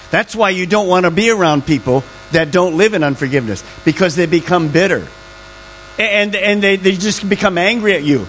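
Lively preaching man, faint hum. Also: high voice, low-quality recording. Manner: emphatic, drawn-out key words. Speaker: pastor. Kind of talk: sermon.

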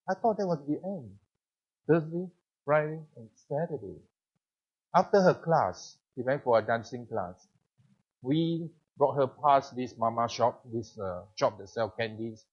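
A middle-aged man with a Singaporean English accent, preaching a sermon and telling a personal story with lively rhetorical questions. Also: mid-range voice, a little slow, husky, muffled recording.

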